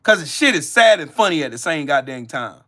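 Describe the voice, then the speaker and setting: A man rants on his live stream, hurling profanity at viewers and calling them out by name. His pitch leaps wildly between loud shouted bursts and low muttered asides. The tone is bright and sharp-edged. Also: big pitch swings, brisk. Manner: angry, profane, cussing out viewers. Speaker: livestream host. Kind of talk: live-stream rant answering chat.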